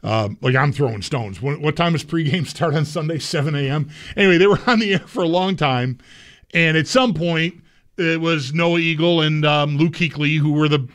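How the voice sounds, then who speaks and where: A man's voice: a little high, fairly bright tone. A man co-hosting a sports radio show, chatting casually and thinking his picks through aloud. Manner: conversational, mulling picks aloud.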